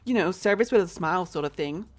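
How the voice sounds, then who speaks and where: A woman doing a brash American mom running her own store, in a playful, overdone put-on accent. The voice sits fairly low but leaps around a lot, with faint music under the game talk. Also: expressive, fast talker. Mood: joking. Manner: playful, exaggerated role-play in a fake accent.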